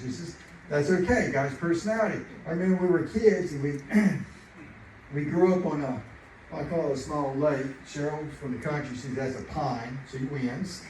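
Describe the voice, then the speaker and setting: A middle-aged man preaching a sermon, chatty and animated, telling family stories and laughing along. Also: sits high. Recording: echoey room, distant mic, noisy.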